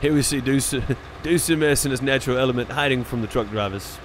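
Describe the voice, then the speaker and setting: A man doing a deliberately bad fake Australian accent as a hushed nature-documentary narrator. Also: mid-range voice, a little hiss or hum, close to an everyday voice. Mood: mock-hushed. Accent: fake Australian, poorly done.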